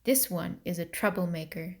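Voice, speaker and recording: A woman voicing a cold male factory overseer in a storybook, speaking quietly, solemnly and evenly. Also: lowish voice, moderate pace, natural voice.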